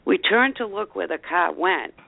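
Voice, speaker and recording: Gravelly woman on a phone line. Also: fairly low pitch, lively intonation, normal speed, dry recording. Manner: quietly telling a story, many short agreements. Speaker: radio show guest. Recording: tinny dry phone line.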